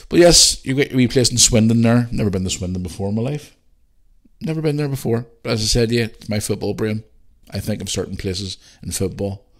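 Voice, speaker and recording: A man's voice: on the low side, gravelly. A man hosting a podcast, chatting casually and bluntly while reading out listener messages. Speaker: podcast host.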